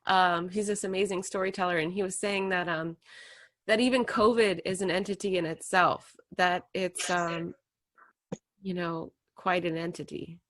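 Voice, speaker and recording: A woman hosting a podcast, asking rambling questions with many pauses and laughing readily. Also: lowish voice, steady tone, dry recording. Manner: hesitant, many ums, warm giggly laughs. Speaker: podcast host. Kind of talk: casual interview.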